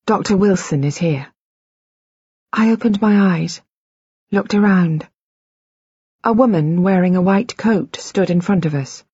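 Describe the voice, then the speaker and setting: A woman reading an audiobook in the first person, in a measured, quiet and introspective way. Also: medium pitch, slightly rough, no echo, lo-fi sound. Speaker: audiobook narrator. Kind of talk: scripted audiobook narration.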